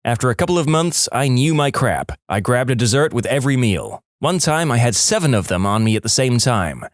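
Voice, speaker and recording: A man reading online stories aloud in an animated storytelling way, recorded close on a studio mic. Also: mid-range voice, brisk, no room sound. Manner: animated storytelling, switching into voices. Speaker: narrator.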